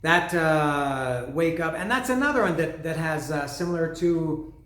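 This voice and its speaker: A fairly high-voiced man talking casually about music in a roomy, echoing space. He gets excited and trips over his words, restarting and apologizing as he goes. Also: measured pace. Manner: excitable, stumbling, self-apologetic. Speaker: podcast host. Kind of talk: casual music album commentary. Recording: roomy echo.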